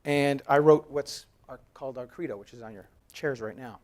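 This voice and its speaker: A man's voice: medium pitch, moderate pace. A man in his thirties giving a live conference presentation, conversational and storytelling, joking with the audience. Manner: animated storytelling, acts out quoted dialogue. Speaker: conference speaker. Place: conference hall.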